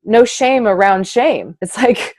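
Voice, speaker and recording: A woman hosting a casual conversation, expressive and animated, acting out her own past thoughts with laughter. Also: a little high, takes it slowly, no echo. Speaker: host, naturopath.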